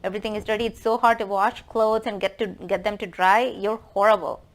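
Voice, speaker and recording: A woman voicing a cranky old mother-in-law who rants in a shrill, exasperated way. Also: little pitch movement, fairly quick, lightly acted.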